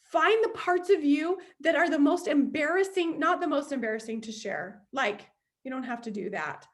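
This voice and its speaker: A young woman, a sales team leader, runs a motivational team meeting in a chatty, open, emotional way, acting out inner voices as she talks. Her voice sits high and her pace is moderate.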